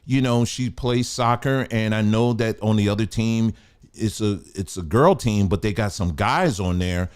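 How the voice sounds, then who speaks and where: A man's voice: lowish voice, normal speed, smooth, natural voice. A man voicing a meek father who mildly shrugs off an unfair situation. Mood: resigned.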